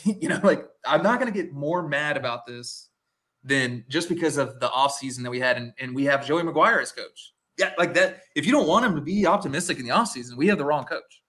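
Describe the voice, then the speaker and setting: In casual sports-podcast banter, a male co-host rambles, restarts sentences partway through, and fills his speech with "like." His fairly high voice is expressive and a bit bright, and he talks briskly.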